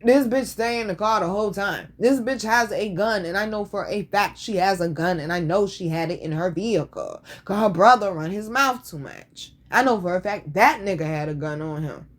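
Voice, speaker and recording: A woman's voice: medium pitch, moderate pace, hardly any pauses. A woman hosting a casual show, telling stories in a blunt, profane, sassy way. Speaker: podcast host. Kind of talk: casual storytelling chat.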